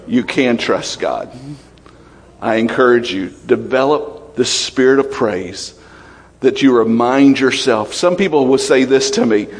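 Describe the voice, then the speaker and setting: A man preaching a sermon as pastor, emotional and animated, swinging between raised fervor and low, quiet intensity. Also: unhurried, in a large hall.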